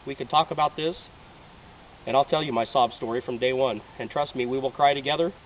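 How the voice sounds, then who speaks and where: A man's voice: medium pitch, fairly even intonation, a little fast, a little hiss or hum. A man in his late thirties making a heartfelt personal appeal to be picked, with emotional, sincere delivery. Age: 30s. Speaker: reality show applicant. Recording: distant, dull home video audio.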